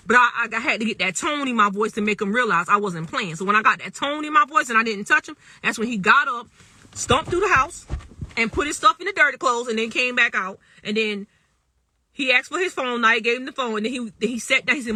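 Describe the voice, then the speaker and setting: A woman's voice: on the high side, fairly quick, sharp tone, husky, no room sound. A woman in her thirties talking casually to viewers on a phone livestream, emphatic and repetitive, often checking in with her listeners. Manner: emphatic and repetitive, often asks "you know what I'm saying".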